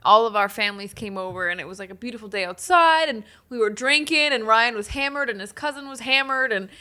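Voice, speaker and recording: A woman co-hosts a relaxed chat in a high, bright voice. She talks in a chatty, teasing way and laughs easily at her partner's stories. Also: fast. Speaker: podcast co-host. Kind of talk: casual chat.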